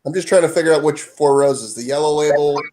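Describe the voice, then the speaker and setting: A man's voice: on the high side, fast, dark tone, a little hiss or hum. A man co-hosting a casual podcast chat, plainspoken and blunt.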